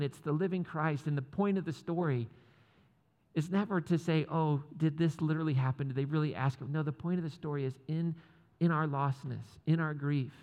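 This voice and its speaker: A man's voice: a little high, a little mellow. Casual preaching man in a reverberant hall. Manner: casual, joking asides with laughs. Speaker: pastor. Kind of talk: sermon.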